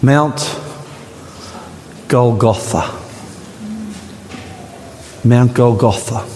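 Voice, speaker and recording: A man preaching a dramatic sermon in a church, his voice rising higher and louder at the climaxes. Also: extremely slow, a little hiss or hum. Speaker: pastor. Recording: church hall with long reverb.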